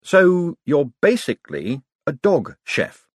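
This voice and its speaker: A man voicing a quick-witted young male trickster with a breezy, curious manner. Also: on the high side, big pitch swings, no room sound, clean studio sound, voice pushed up, exaggerated voice.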